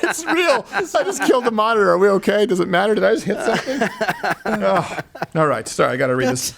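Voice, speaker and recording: A man's voice: high voice, sing-song, fast, creaky, fairly bright tone. A man hosting a comedic talk show, joking and rambling. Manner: joking, rambling, laughs at his own stories. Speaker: host.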